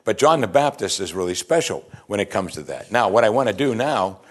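A man with a fairly low voice teaches from scripture in a loose, conversational way. He keeps turning to his listeners with rhetorical questions and retells the passages in everyday talk. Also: lively intonation, a little fast. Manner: informal, chatty retelling of scripture. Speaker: Bible teacher.

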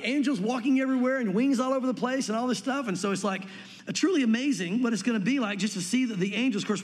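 Pastor, male, high voice, earnest sermon delivery, church hall reverb. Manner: earnest teaching, reads scripture slowly.

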